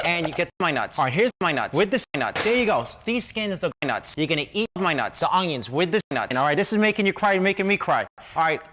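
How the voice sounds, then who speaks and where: A middle-aged man giving a pushy, emphatic infomercial sales pitch, firing off short selling lines. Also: noisy background.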